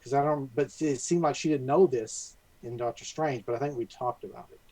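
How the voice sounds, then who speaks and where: A man's voice: medium pitch, fairly quick, warm tone, dry recording, poor audio. A young man co-hosting a casual podcast chat, thinking aloud and restarting often as he explains the plot. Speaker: podcast co-host.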